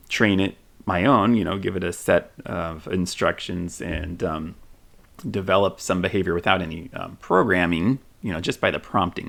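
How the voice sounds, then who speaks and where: A man casually demonstrating a chatbot on his computer, thinking aloud, reading replies off the screen, and pausing on frequent ums. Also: sits low, creaky. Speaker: tech video host. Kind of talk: casual screen-recorded demo.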